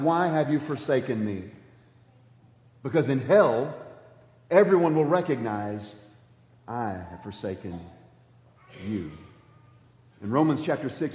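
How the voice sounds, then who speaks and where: A man preaching a sermon, with emphatic delivery that swings between loud calls and hushed words. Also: on the high side. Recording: dull, echoey hall sound.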